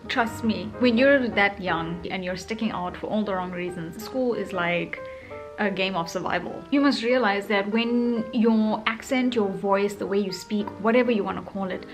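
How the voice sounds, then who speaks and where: A woman in her thirties from South Africa, speaking South African Indian English with a British tinge, chatting expressively and teasingly to camera in a casual vlog. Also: medium pitch. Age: 30s. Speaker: vlogger.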